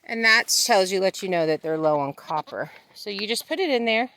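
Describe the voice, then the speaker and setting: A woman's voice: mid-range voice, expressive, normal speed, fairly bright tone, slight background noise. A woman talking casually to her camera outdoors on a farm, chatting and talking to her animals in a sing-song voice. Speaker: homesteading vlogger. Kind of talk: casual vlog narration.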